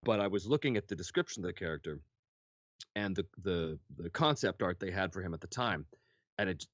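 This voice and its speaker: A low-pitched man recalls his work as a voice actor in an easygoing, candid manner, now and then letting a swear slip. The sound is dry and close, but dull and lo-fi. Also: a little fast, no echo. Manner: relaxed, candid, casually profane. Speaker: voice actor guest. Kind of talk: interview storytelling.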